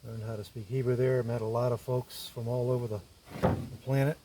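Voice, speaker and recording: Heavy background noise surrounds a man with a mid-range voice who talks briskly in a level tone. He's a woodworker and video host, casually narrating in his woodshop, explaining each step and thinking aloud as he works.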